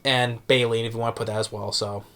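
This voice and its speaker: A man talking casually as a movie reviewer, halting with many restarts and fillers. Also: mid-range voice, flat delivery, fairly bright tone. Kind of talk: casual vlog talk.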